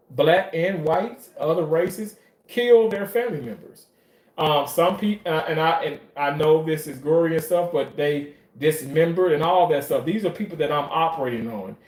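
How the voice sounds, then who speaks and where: A man talking in a casual monologue about his work in surgery, animated, profane and emotional as he tells stories. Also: fairly high pitch. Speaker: surgical staff commentator. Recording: roomy echo.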